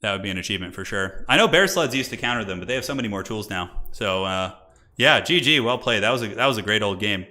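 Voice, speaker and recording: A man's voice: fairly low pitch, fast talker. A man casting a live game tournament on his stream, chatty and chatting with viewers as he goes. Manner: animated, chatty, talks to viewers in chat.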